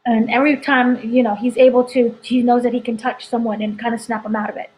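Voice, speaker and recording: A woman's voice: on the high side, little pitch movement, fast talker, darkish tone, rough recording. A woman editor chatting casually through a spoiler review, rambling with lots of "like" and "you know". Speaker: entertainment editor reviewing a TV episode.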